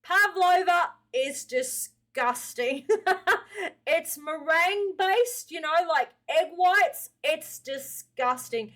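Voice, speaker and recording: A woman's voice: high-pitched, expressive, takes it slowly, a bit bright. A young Australian woman with an Australian accent, hosting a reaction video and giving blunt, slangy opinions. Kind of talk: casual reaction commentary.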